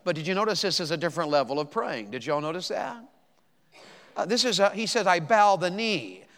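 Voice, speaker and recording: A man preaches a sermon in a fairly high voice. He spins folksy stories and then presses his congregation with emphatic questions. His words carry a long reverb, as from a large sanctuary. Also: animated, a little fast, fairly bright tone.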